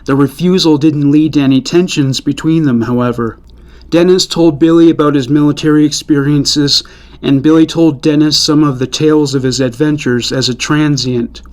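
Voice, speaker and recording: A man narrating a true-crime story in a measured, even storytelling manner. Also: fairly high pitch.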